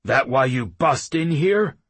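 A man voicing a bulky old half-orc warband chief who talks in short, gruff commands. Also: medium pitch, very animated, slow, fairly bright tone, no room sound, voice pushed up, full character voice. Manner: barks orders, gruff and terse.

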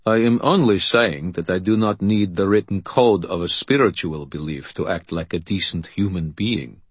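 A man's voice: sits low, normal speed, slightly rough, no echo. A man voicing a big, formal male knight who speaks in a stiff, placid way.

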